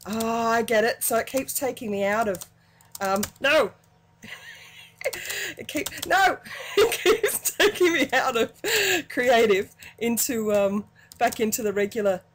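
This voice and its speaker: A woman giving excitable, giggly let's play commentary, cheerfully cursing at the game. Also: fairly high pitch, a little slow, a little hiss or hum. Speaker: gaming channel host.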